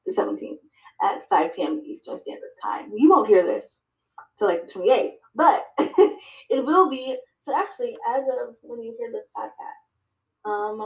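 A woman guesting on a podcast, telling her story in lively fashion, acting out her own dialogue, with many fillers and restarts. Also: medium pitch, gravelly, reverberant, poor audio. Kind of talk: casual interview chat.

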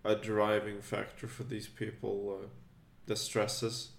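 A man with a lowish voice speaks in a laid-back podcast chat, often dropping in short agreements. His voice carries noticeable room echo. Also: monotone, slow, vocal fry. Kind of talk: casual podcast conversation.

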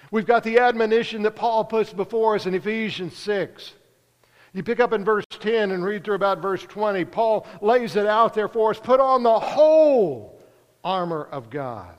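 A man preaching a sermon, earnest, pausing and lifting his voice for emphasis. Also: sits high, big-room sound.

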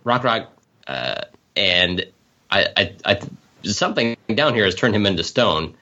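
A man's voice: lowish voice, animated, unhurried, bright, forceful tone. A man playing a tabletop game who talks tentatively, recorded on a dull lo-fi mic. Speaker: player.

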